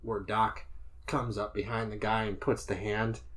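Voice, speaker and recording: A man's voice: on the low side, flat delivery, measured pace, a bit bright. A man co-hosting a podcast, thinking aloud as he analyzes horror films in a casual discussion. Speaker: podcast co-host.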